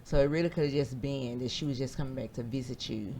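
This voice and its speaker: Low-voiced woman hosting an interview. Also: quick pace, warm tone, a little hiss or hum. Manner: probing, recaps the guest's story with follow-up questions. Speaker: host.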